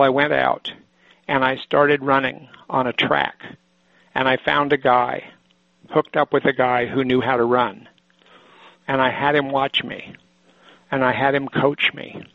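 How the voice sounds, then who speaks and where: Here an elderly Oregon man who works as a psychoanalyst recounts something from his own life, haltingly and with many false starts. He speaks at a medium pitch with noticeable vocal fry, on a dry but muffled, low-fidelity recording.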